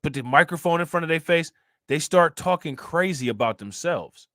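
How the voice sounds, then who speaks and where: A man's voice: a little high, animated, moderate pace, pushed and bright, no room sound, studio quality. A man hosting a commentary channel, talking to his viewers in an emphatic, heated way, full of rhetorical questions. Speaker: reaction channel host.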